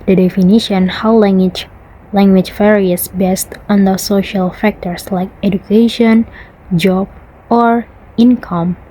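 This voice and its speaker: Young woman, student presentation in English, slow and halting, mellow tone, fillers. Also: medium pitch, fairly even intonation, poor audio. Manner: halting, with frequent pauses and fillers; repeats example words to contrast them. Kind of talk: class presentation.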